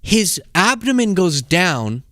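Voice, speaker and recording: A man hosting a solo political commentary show, talking in an animated, incredulous and sarcastic way. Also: sits high, slow pace, no room sound, studio quality.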